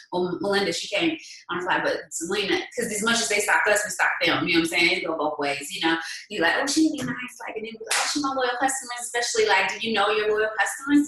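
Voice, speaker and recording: A woman leading her sales team in a motivational talk, firing off rhetorical questions in a lively, conversational way. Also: mid-range voice. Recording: very echoey room, distant mic.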